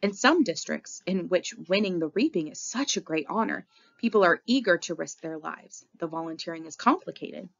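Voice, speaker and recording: A woman narrating a novel in the first person with expressive, dramatic reading, on a dull lo-fi recording. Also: fairly low pitch, normal speed, gravelly. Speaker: audiobook reader. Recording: dull lo-fi audio.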